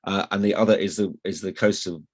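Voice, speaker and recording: A middle-aged man with a slight northern English accent and flat vowels talks in a very low voice. He rambles and restarts, poking fun at himself, as a guest in a relaxed interview. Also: a little fast. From Hull, England. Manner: rambling, self-deprecating, frequent restarts. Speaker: guest, newspaper columnist. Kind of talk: casual interview chat.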